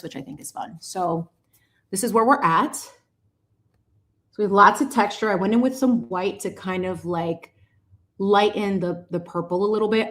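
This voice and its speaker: A woman in her late thirties hosting a live painting stream, chatting casually and animatedly with viewers as she paints. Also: medium pitch. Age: 30s. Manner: chatty, animated, greets chat viewers with squeals. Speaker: painting livestream host.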